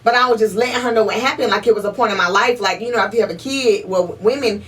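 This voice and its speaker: A woman's voice: mid-range voice, very fast, a bit bright. A young woman co-hosting a podcast in casual chat. She is emphatic and profane and repeats her points for stress. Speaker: podcast co-host. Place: podcast room. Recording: voice a little distant from the mic.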